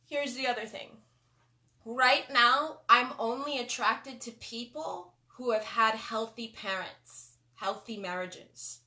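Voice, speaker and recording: Woman host giving a spiritual talk, slow deliberate pace, bright clear tone, hits words hard then drops soft. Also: a little high. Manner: emphatic, swings between loud stresses and soft asides.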